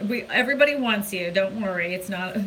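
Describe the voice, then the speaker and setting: A woman's voice: mid-range voice, expressive, a little fast, very noisy. A woman real estate agent chatting casually on a live stream from a hotel room, giggly and rambling, recorded on a phone. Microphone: phone camera.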